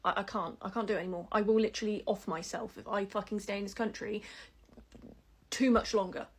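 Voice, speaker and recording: Husky woman in an angry, swearing rant. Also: mid-range voice, fairly even intonation, a little fast. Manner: angry, bitter, heavy swearing. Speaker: social media ranter. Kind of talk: casual rant to camera.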